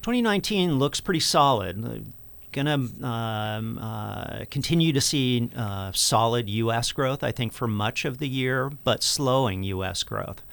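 A man who runs an economic research center responds to interview questions with careful explanations and frequent fillers. His medium-pitched voice is creaky yet smooth, a bit bright, with lively intonation and no echo.

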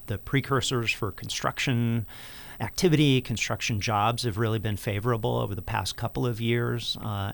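The director of an economic research center answers interview questions in a measured, explanatory way, using lots of fillers. His voice is fairly low and gravelly, with a fairly bright tone.

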